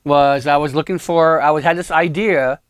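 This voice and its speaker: New england guy hosting, chatty, laughs a lot, slightly high voice, dry sound. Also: steady tone, moderate pace, smooth, no echo. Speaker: host, photographer. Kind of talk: casual chat.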